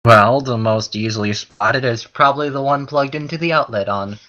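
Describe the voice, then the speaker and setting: A man playing a tabletop game and describing his character's actions in a relaxed way. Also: mid-range voice, moderate pace, muffled recording. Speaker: player. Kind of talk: casual tabletop game play.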